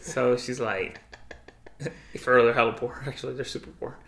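California dude telling a story, slangy and animated, gravelly voice, echoey room. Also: male voice, mid-range voice, normal speed. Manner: slangy, animated retelling with acted quotes. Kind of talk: casual chat.

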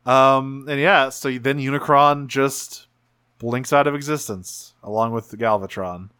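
A man's voice: mid-range voice, steady tone, measured pace, sharp tone, clean tone, no room sound. Man, podcast co-host, loose rambling recap with restarts, dry close mic, mid-range voice. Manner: rambling, many restarts and fillers. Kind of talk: casual chat.

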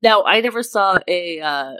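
A woman's voice: on the low side, expressive, moderate pace, sharp tone, no echo. Giggly woman reading bad fan fiction. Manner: giggly, tries not to laugh while reading. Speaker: podcast co-host. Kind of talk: casual comedic chat, reading excerpts aloud.

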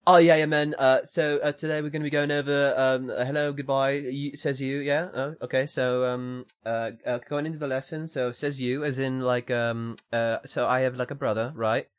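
A man's voice: medium pitch, level tone, moderate pace, few pauses, smooth, pitched above the performer's own voice, close to an everyday voice. A man mimicking a rambling, incompetent male British teacher, with a put-on British accent and lots of fillers. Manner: rambling, incoherent, full of fillers.

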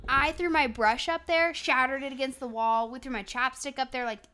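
A young woman telling a story in casual chat, animated and swearing constantly, laughing as she goes. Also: sits high, brisk, clean tone.

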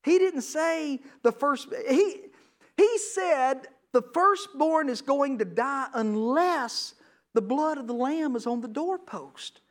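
High-voiced fervent preacher man. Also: lively intonation, slow. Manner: dramatic storytelling with acted dialogue; fervent, swings between loud and hushed. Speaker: pastor. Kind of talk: sermon. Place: large room with an audience.

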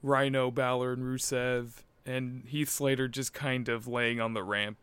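A man co-hosting a casual wrestling recap chat, excitable and joking, laughing often and swearing. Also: medium pitch, unhurried, clean tone. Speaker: wrestling podcast co-host.

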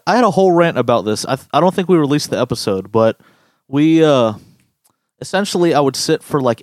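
A man's voice: medium pitch, no echo. A young man co-hosts a casual podcast and swears his way through school stories. His voice sits in an ordinary middle register and sounds close and dry. He breaks into goofy impressions when he quotes anyone. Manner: profane, animated storyteller doing goofy quoted voices. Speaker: podcast co-host.

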